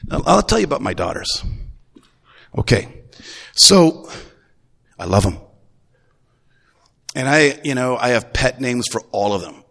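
A middle-aged man, a grandfather, preaching a Sunday sermon in a relaxed, folksy way, full of restarts. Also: medium pitch, measured pace, vocal fry, long pauses. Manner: conversational, folksy, with repeated restarts. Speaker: pastor. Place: church. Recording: long reverb of a church hall.

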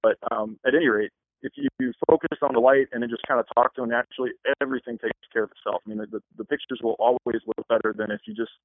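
A man who works as a wedding photographer, answering interview questions in a fast, rambling way with many restarts. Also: mid-range voice, fairly even intonation, no room sound. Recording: tinny phone line.

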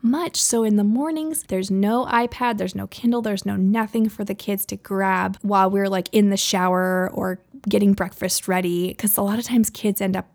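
Chatty mother with a gravelly edge. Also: medium pitch, fairly even intonation, moderate pace, hardly any pauses, a little mellow. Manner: chatty, conversational, laughs easily. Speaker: podcast host. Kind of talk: casual advice talk.

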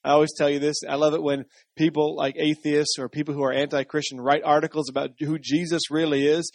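A man's voice: on the high side, little pitch movement, quick pace, gravelly, no echo, studio quality. A man preaching a sermon in a conversational style, often checking in with the congregation. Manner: conversational, asks the congregation for responses. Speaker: pastor.

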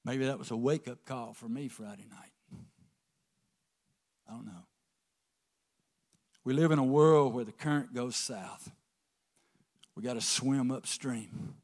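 A man preaching a folksy sermon, swinging from quiet asides to emphatic calls to the congregation. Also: medium pitch, a little slow, long pauses. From American South. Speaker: pastor.

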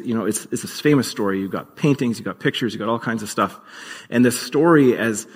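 A man's voice: mid-range voice, husky, big-room sound. A man preaching a sermon as pastor, earnest and conversational, with occasional fillers.

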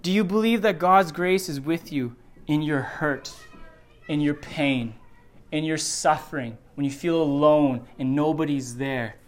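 A man's voice: fairly high pitch, a little slow. A middle-aged man preaching a sermon in a church, earnest and repeating phrases for emphasis. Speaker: pastor. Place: church sanctuary.

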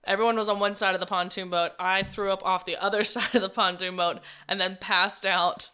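A young woman talks loosely and laughs easily in a casual podcast chat. Her voice is bright and smooth, with a casual, profane edge. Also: medium pitch, flat delivery, a little fast. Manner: laid-back, laughing, profane. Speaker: podcast co-host.

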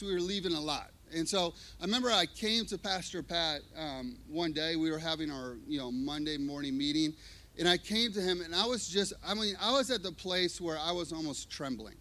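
A man preaching a sermon, telling a personal story with lively, expressive delivery. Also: on the high side. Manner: expressive storytelling, acting out scenes. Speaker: pastor.

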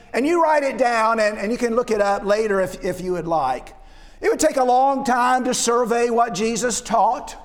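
A man preaching a sermon, often restarting and repeating words and asking rhetorical questions. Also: high-pitched. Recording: long reverb of a large hall.

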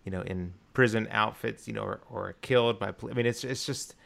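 A man with a fairly low voice co-hosts a casual film podcast. He talks with eager enthusiasm, circles back often and fills gaps with "you know". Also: fairly quick, creaky, a bit bright. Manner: enthusiastic, rambling with many restarts and fillers. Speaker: podcast co-host.

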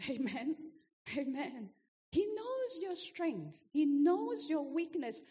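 A woman's voice: high-pitched, big pitch swings, slow, mellow, long reverb tail, dull audio. A woman preacher delivering a sermon, emphatic and repetitive, asking the congregation rhetorical questions.

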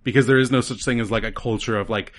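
Man co-host, mid-pitched, loose rambling chat full of fillers. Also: steady tone, fast, a bit bright, a little hiss or hum. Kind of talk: casual conversation about video games.

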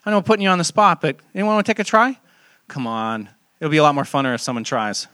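A young man, a pastor, giving a relaxed, joking sermon with lots of fillers and restarts, asking the congregation questions. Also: high voice, fast, no room sound. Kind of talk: casual sermon with audience interaction. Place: church hall. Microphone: handheld mic.

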